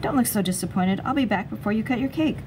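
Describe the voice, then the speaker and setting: A woman's voice: medium pitch, fast, noisy background, lightly acted. Brief: timid, nervous eleven-year-old girl, voiced by a woman reading a storybook. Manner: hesitant, nervous.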